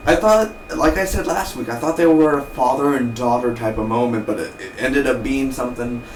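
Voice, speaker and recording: A man casually recapping a TV episode, rambling and acting out the characters' lines in quick offhand impressions. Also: medium pitch. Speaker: TV review vlogger. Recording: roomy, distant from the mic, faint noise.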